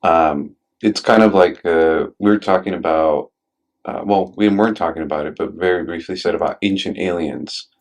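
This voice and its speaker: A man's voice: low-pitched, normal speed. A man hosting a casual chat, asking curious questions and rambling through his thoughts.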